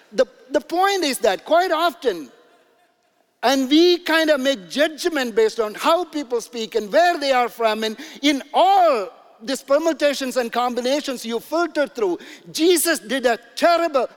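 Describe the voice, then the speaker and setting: Male pastor, high voice, chatty sermon delivery with lots of fillers, recorded with long church reverb. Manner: conversational, filler-heavy storytelling with chuckles.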